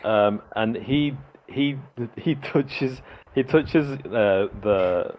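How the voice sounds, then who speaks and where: A man's voice: mid-range voice, drawn-out words, a little mellow. A man narrating as game master of a tabletop game, hesitant, with many fillers and restarts.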